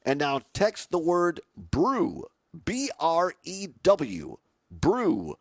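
A hoarse man with a raspy voice, hosting a live radio talk show on location, chatty and upbeat with many fillers and restarts. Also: a little high, huge pitch swings, very slow, dry recording. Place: remote location broadcast.

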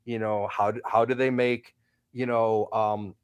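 A man's voice: lowish voice, level tone, a little slow, clear, resonant tone, muffled recording. A man guesting on a radio talk show, chatting casually about theater in a rambling, self-deprecating way. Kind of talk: casual radio interview chat.

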